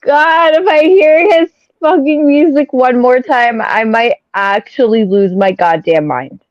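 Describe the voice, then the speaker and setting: A woman's voice: high-pitched, unhurried, a little mellow, no echo, lo-fi sound. A woman co-hosting a podcast while a bit under the weather, blunt and profane. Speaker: podcast co-host.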